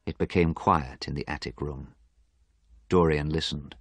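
A man narrating a graded story in a steady, clear storytelling manner. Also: extremely low pitch, unhurried, no room sound, faint music behind.

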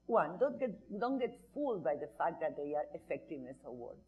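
A woman's voice: deep voice, big pitch swings, brisk, breathy edge, phone-quality sound. A woman speaking on an advertising industry panel, earnest and emphatic, with frequent restarts. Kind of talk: panel discussion.

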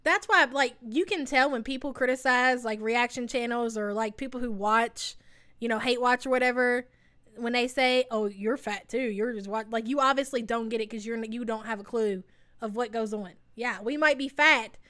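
A woman's voice: fairly high pitch, moderate pace, sharp tone, smooth. A woman co-hosting a reaction show, giving blunt, crude, profanity-laced commentary. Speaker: co-host of a reaction channel.

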